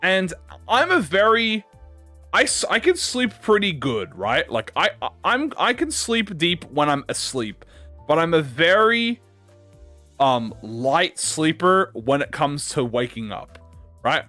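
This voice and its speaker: A man talking as a gaming YouTuber in a casual story-time chat, excitable, swearing a lot and restarting his sentences. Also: a little high, takes it slowly, no room sound, soft background music.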